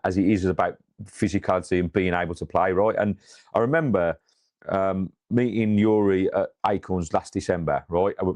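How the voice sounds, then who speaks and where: A man co-hosting a casual fan chat after a match, telling stories with animated, rising excitement. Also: low voice. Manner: animated storytelling, rises in excitement. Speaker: fan channel co-host.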